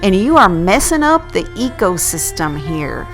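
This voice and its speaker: A woman voicing a retired male zoologist who explains things slowly and hesitantly. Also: medium pitch, very animated, a bit bright, soft background music, pitched below the performer's own voice, rough recording. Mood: explaining. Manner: slow, lecturing, hesitant.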